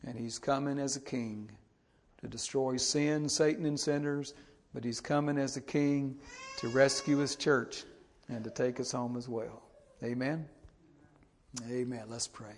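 A middle-aged man preaches in a gravelly voice. He tells a story plainly and earnestly, then turns to exhort the congregation. His pitch sits in the ordinary middle range for a man. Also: fairly even intonation, unhurried, slight background noise. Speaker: pastor. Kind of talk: sermon.

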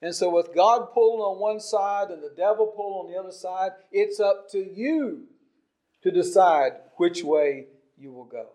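A man's voice: high-pitched, normal speed. Emphatic older preacher, a man. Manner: emphatic preaching, swinging between soft asides and loud stresses. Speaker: pastor. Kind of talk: sermon.

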